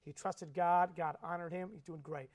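Male preacher, high voice, lively storyteller who quizzes the room and jumps from hushed to loud. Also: normal speed. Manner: animated storytelling, asks the audience questions; swings between soft and loud. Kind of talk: sermon.

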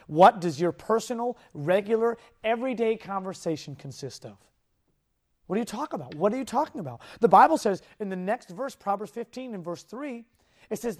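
A man with a notably high voice preaches to a youth group, animated and lively. He delivers his sermon with energy, slipping into playful impressions of the kids he talks about. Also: brisk. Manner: animated, mimics kids' voices in anecdotes. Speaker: youth pastor. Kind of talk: sermon to teenagers.

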